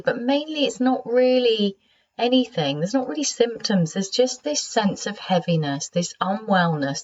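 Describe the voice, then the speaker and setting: A British woman hosting her own podcast, speaking gently and conversationally in a croaky, sleepy voice. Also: mid-range voice. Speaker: podcast host. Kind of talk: solo podcast monologue. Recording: slightly dull lo-fi sound.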